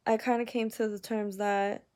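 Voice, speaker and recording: A woman's voice: mid-range voice, flat delivery, moderate pace, a little mellow. A young adult woman telling a personal story in a casual vlog, rambling and candid, with many "like"s and an upset tone. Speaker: vlogger.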